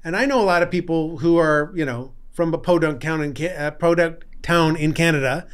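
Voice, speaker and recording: A man's voice: a little high, fairly quick, clear, resonant tone. A man hosting a casual talk show, probing his guest with philosophical questions. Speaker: podcast host. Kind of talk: casual conversation.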